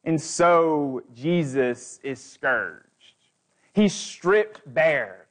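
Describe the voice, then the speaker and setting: High-voiced, slow male guest preacher. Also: lively intonation. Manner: emphatic repetition, building lists. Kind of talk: sermon.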